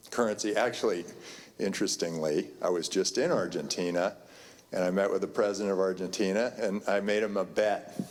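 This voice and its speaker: A man's voice: sits low, darkish tone. A man giving a keynote talk, telling a rambling anecdote full of fillers and restarts. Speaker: keynote speaker. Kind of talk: conference keynote storytelling. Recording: long hall reverb.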